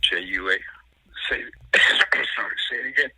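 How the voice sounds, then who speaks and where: A film critic guest with a low, husky, strikingly sharp and tense voice discusses a film in a relaxed, thoughtful, analytical way. He often pauses and restarts while searching for words, and the sound is close and dry with no room echo.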